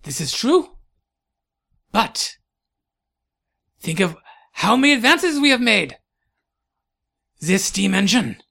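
A man doing an excitable scientist. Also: high voice, vocal fry, voice pushed up, full character voice. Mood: enthusiastic. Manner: excited, halting, full of "ah"s. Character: eccentric German scientist, excitable older man.

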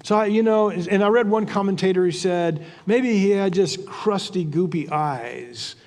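High-voiced earnest man preaching in a hall. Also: moderate pace, darkish tone. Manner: earnest, thinks aloud, repeats and restarts words. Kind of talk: conversational Bible teaching.

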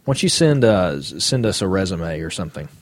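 A man's voice: low voice, big pitch swings, a little fast, no room sound. A man co-hosting a podcast, chatting casually in a rambling, hesitant way. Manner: rambling, hesitant with many fillers. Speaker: podcast co-host. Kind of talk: casual chat.

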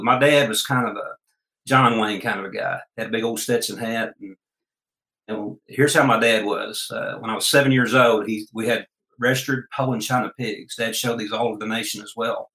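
Bright-voiced folksy man. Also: on the low side, a little fast. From Oklahoma, USA. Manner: folksy, homespun and earnest. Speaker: guest. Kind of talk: storytelling interview chat. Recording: roomy echo.

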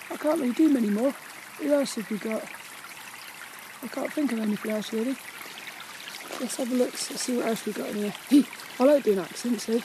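A vlogger with an English accent chatting quietly and rambling while walking by a river in the woods. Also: medium pitch, fairly quick, a little hiss or hum, poor audio. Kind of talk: casual walk-and-talk vlog. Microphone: camera carried while walking.

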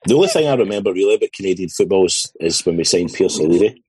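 A man's voice: low voice, animated, fast, darkish tone, husky, dry recording, rough recording. A Scottish man chatting casually as a podcast panelist, dry and joking. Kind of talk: casual chat.

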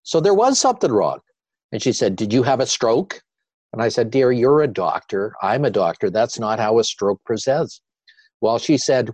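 An older man, a guest on an interview show, telling his story with animated repetition. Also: medium pitch, normal speed, no echo.

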